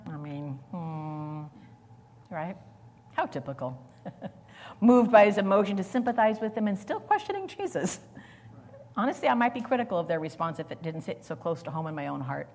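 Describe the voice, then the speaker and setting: A woman preacher delivering a sermon with dramatic swings between loud, forceful lines and near whispers. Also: fairly low pitch, lively intonation, moderate pace, big-room sound, a little hiss or hum.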